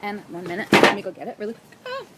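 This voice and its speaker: A woman's voice: medium pitch, huge pitch swings, quick pace, heavy background noise. Bubbly woman gushing about knitting finds. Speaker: knitting podcast host. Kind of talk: casual chat. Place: outdoors.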